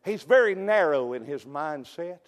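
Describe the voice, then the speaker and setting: A man preaching a sermon as pastor, telling folksy stories and dropping amens, sometimes breaking into shouts. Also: fairly high pitch, animated, normal speed, in a large hall. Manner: folksy storytelling, peppered with amen, rising to shouts. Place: church sanctuary.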